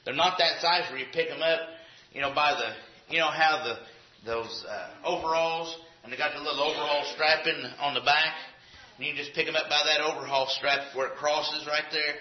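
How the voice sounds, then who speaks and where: A man's voice: fairly high pitch, fairly even intonation, normal speed. A man preaching a sermon in a folksy, conversational way with acted asides. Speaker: pastor. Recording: dull lo-fi recording.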